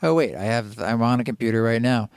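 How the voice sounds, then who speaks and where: A man hosting a podcast interview, easygoing and quick to laugh. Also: mid-range voice, a little mellow, clean tone, no room sound, clean studio sound. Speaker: podcast host. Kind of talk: casual interview chat.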